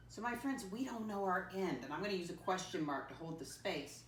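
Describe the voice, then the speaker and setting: A woman teaching a math lesson to first graders, patient and slow, spelling words out letter by letter and addressing the children as friends. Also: on the low side, animated, slight background noise. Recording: echoey room, voice from a distance.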